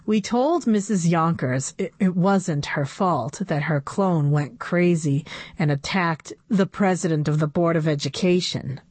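A woman reading a children's chapter book aloud with expressive storytelling. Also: fairly low pitch, a little slow, no echo.

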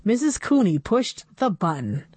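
Slow, animated woman reading a story. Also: mid-range voice, breathy edge, no room sound. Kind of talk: reading a children's book aloud.

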